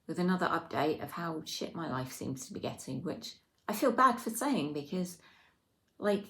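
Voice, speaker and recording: A tired woman speaking in a personal video diary, hesitant and subdued, often pausing and restarting. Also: on the low side. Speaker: video diarist.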